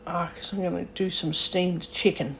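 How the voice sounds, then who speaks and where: A woman's voice: fairly low pitch, steady tone, normal speed, gravelly, slight background noise. A young Australian woman vlogging, thinking aloud in a chatty, rambling way with fillers and self-corrections. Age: young adult. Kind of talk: casual rambling monologue.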